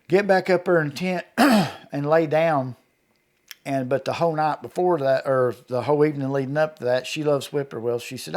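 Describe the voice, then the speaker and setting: A man's voice: on the high side, normal speed, a little mellow. A middle-aged man, telling a story in a folksy, rural way and acting out what people said. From Kentucky. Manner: folksy rural storyteller, acts out quoted dialogue. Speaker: eyewitness guest. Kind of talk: storytelling interview.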